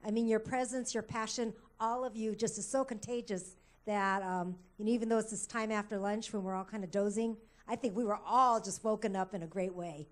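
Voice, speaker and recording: A woman's voice: mid-range voice, fairly even intonation, a little fast, few pauses. A woman in a workshop telling a presenter effusively how much she admired her. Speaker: workshop participant.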